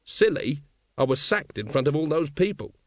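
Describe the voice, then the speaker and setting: A man playing a weary, bitter middle-aged city guard captain who speaks gruffly and tersely. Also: on the high side, sing-song, normal speed, no room sound, studio quality. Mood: glum. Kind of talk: audiobook character voice.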